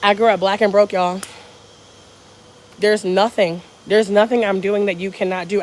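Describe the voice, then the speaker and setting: An American woman on a live stream, giving an energetic, profane pep talk and reading viewer comments aloud from a hotel room. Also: medium pitch, normal speed, a little hiss or hum. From United States. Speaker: travel vlogger. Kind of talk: live-stream motivational chat.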